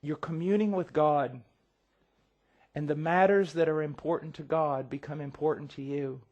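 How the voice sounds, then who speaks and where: A middle-aged man preaching a sermon, swinging from quiet intensity to near-shouting and acting out voices as he tells a story. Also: on the high side, steady tone, moderate pace, muffled recording. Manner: acts out quoted voices.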